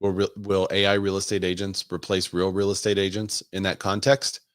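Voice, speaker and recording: Low-voiced guy hosting a real estate live stream, dry sound, chatty and rambling. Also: monotone, fairly quick, no room sound. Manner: chatty, thinking aloud, chuckling, asking viewers for opinions. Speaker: real estate agent and show host. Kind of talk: casual live-stream commentary.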